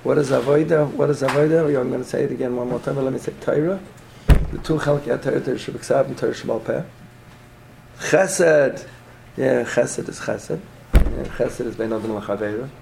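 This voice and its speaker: A man's voice: medium pitch, vocal fry, dark tone, slight background noise, low-quality recording. A man teaching a Torah class, asking questions and answering them himself. He repeats his points, checks in with a frequent "yeah?", and mixes Hebrew and Yiddish terms into his English.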